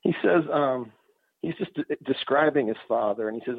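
A man's voice: medium pitch, expressive, moderate pace, creaky, husky, no echo. A man talking casually and thoughtfully about books, with frequent restarts and hesitations. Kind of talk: casual conversation. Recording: dry tinny phone-like sound.

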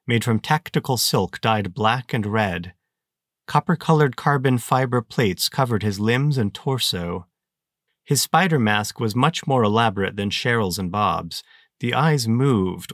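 A man narrating an audiobook in a steady, measured storytelling manner on a close mic. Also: fairly low pitch, no room sound.

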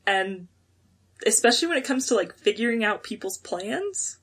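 A woman co-hosting a podcast, chatting casually and reading listener comments aloud, quick and excitable. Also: medium pitch, slight background noise. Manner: quick, excitable, laughs often. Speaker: podcast co-host.

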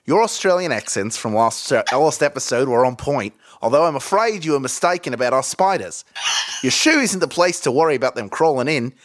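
Excitable guy on a podcast reading fan mail, voice jumps all over, jokes and swears. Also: medium pitch, brisk. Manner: animated, jokey, swears. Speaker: podcast co-host. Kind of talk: casual chat, reading listener mail.

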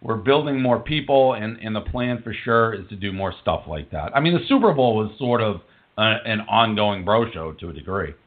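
A man's voice: fairly low pitch, expressive, moderate pace. A man hosting a call-in radio show, talking bluntly and rambling casually between callers. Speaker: host taking listener calls. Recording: narrow phone-like audio.

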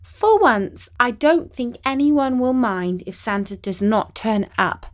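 A woman's voice: on the high side, animated, slow pace. A woman voicing an anxious but composed young girl who speaks politely and carefully. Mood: reassuring.

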